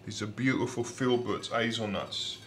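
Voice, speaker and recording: A man with a put-on London accent, casually talking through a recipe he is cooking, rambling and playful with many pauses and ums. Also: fairly low pitch, a bit bright, echoey room, slight background noise.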